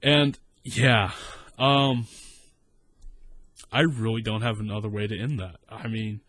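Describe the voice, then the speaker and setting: Man in his 30s, south texas accent, swearing storyteller, animated and rambling, dry close mic. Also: lowish voice, slow pace, dry recording. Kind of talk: casual story time.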